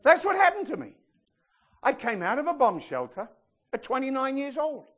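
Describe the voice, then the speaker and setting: A man preaching a sermon, telling stories with animated shouted impressions. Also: very high-pitched, moderate pace. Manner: animated storytelling, bursts into excited shouted impressions.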